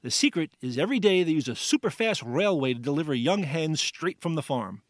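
A man hosting a pun quiz segment on a radio show, his voice lively and bouncing across a wide range. He sounds slightly higher than most men and talks with a jokey, teasing lilt. The sound is close and dry. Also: brisk, no room sound. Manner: jokey, sets up puns, laughs often.

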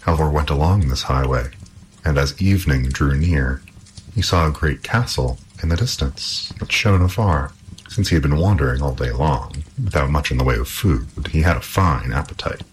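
A man reading an old folk tale aloud in an expressive storytelling manner. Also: rumbling low, normal speed, a little hiss or hum, poor audio.

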